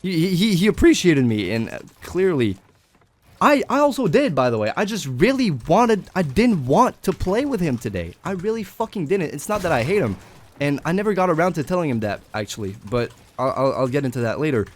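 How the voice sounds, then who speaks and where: A young adult man telling a personal story in a casual vlog, animated and swearing. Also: on the high side, brisk. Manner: animated, swearing, breaks into laughter. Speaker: vlogger.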